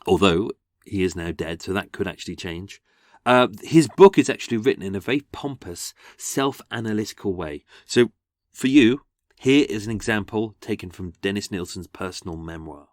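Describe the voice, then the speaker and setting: A man's voice: lowish voice, moderate pace, no echo, studio quality. An English man hosting a true-crime podcast in a chatty, wry way. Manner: chatty, animated, wry asides. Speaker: podcast host.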